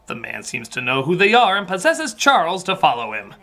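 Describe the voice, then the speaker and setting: A woman's voice: on the low side, sing-song, brisk, faint music behind. Sarcastic comedic film reviewer, woman. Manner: sarcastic, with sudden shouted outbursts.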